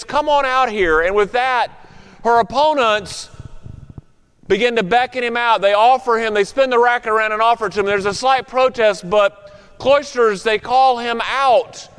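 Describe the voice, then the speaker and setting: A man's voice: high-pitched, normal speed, fairly bright tone, smooth, in a large hall. A male pastor leading prayer and preaching a sermon, telling a story with varied pace and strong emphasis.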